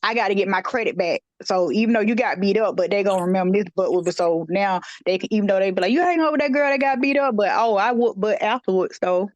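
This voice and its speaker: A woman's voice: medium pitch, steady tone, fast talker, few pauses, darkish tone, dry recording. A woman with a mid-range voice talks emphatically in casual conversation and keeps affirming her co-host. Her sound is dry and a little dull, like a lo-fi recording. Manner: emphatic, affirming with frequent mm-hmms. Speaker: podcast co-host. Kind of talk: casual chat.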